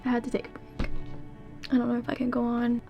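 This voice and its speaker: A woman's voice: on the high side, monotone, fast talker, dark tone, soft background music, poor audio. A young woman vlogging her reading, reacting emotionally with frequent swearing and whispered asides. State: tearful at times. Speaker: book vlogger.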